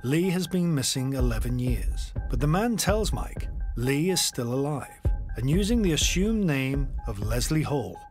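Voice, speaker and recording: A man narrating a true-crime documentary in a measured, even voice. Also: mid-range voice, faint music behind. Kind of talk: scripted narration.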